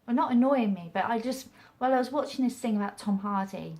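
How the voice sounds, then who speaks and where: A woman's voice: fairly high pitch, fast talker, a little mellow, a little hiss or hum. A young English woman with a mixed regional accent, chatting casually to camera about acting, rambling with restarts. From England. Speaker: acting vlogger.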